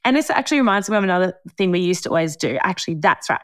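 A woman's voice: on the low side, animated, very fast, a bit bright, no room sound, studio quality. A young Australian woman hosting a podcast, telling a story in casual chat with frequent swearing and laughter. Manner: chatty storyteller, swears freely, laughs often. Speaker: podcast host.

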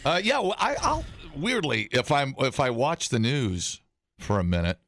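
A man from Wisconsin co-hosting a casual chat, joking and rambling with sudden loud outbursts. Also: mid-range voice, very animated, normal speed, very noisy. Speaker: podcast co-host.

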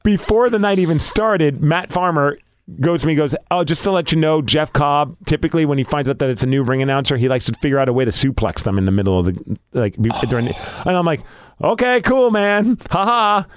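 A man co-hosting a casual podcast, telling a story with animated, acted-out dialogue. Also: medium pitch, fast, clean tone. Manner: animated storytelling, acting out quoted lines.

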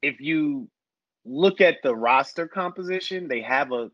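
A man talking basketball in a relaxed, rambling conversational way, musing over players and roster fits. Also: a little high, unhurried, no room sound, lo-fi sound. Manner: thoughtful, rambling with fillers. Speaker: basketball podcast analyst. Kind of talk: casual sports discussion.

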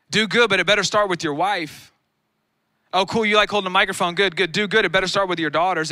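A man in his thirties preaching a sermon on a lawn, energetic and conversational with self-deprecating humor. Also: high-pitched, quick pace, no echo. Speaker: pastor. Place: outdoor lawn gathering.

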